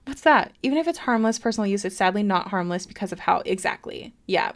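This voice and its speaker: A woman's voice: medium pitch, lively intonation, fast. A woman streaming live, chatting casually with viewers and reading their messages aloud, with plenty of fillers.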